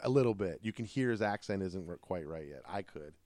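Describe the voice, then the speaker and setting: A middle-aged man, a father hosting a family podcast, chatting casually, animated and joking. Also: low voice, fairly quick, no room sound. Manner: animated, joking, laughs often.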